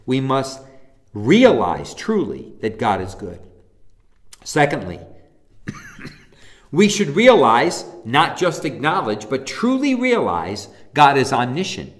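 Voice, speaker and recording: A man's voice: medium pitch, wildly swooping pitch, slow pace, long pauses. A man, a pastor, teaching a Bible class, reading scripture aloud and pressing his points with emphatic rhetorical questions. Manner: reads scripture passages aloud.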